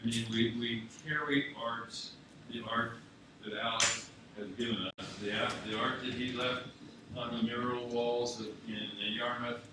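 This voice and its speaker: A man from Scotland tells stories at a memorial with a storyteller's ease, chuckling often. His mid-pitched voice booms around a large, very echoey theatre. The mic is far away and audience noise hangs behind him. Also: fairly even intonation, a little slow. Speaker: speaker at a memorial. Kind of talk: anecdotal memorial speech. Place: university theatre. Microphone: distant mic.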